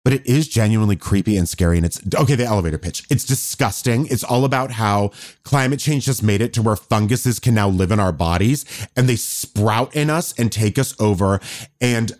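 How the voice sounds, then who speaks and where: A man with a fairly low voice co-hosts a loose, chatty podcast. He gets animated, swears casually and slips into acted-out voices when he retells scenes. The sound is close and dry, with no room around it. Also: a little fast, no echo. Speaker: podcast co-host. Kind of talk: casual chat.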